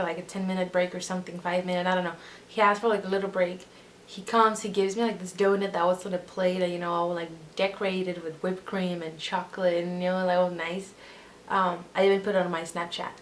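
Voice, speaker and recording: A woman's voice: lowish voice, slight background noise. A young woman telling a casual storytime vlog, rambling with lots of fillers. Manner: rambling, filler-heavy, full of "like". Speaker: vlogger.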